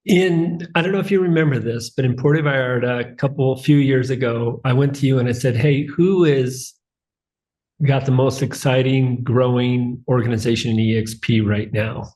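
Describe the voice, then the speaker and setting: A man's voice: medium pitch, darkish tone, poor audio. Friendly, direct man asking questions. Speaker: meeting participant. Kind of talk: casual meeting talk on a video call.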